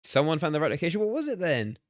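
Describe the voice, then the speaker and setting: A man in his twenties streaming casually, excitable, swearing and chatting to his viewers. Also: on the high side, very fast, dry recording, studio quality. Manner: excitable, swears and laughs often, talks to chat. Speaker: streamer hosting a watch party. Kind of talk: casual live-stream chat while playing a guessing game.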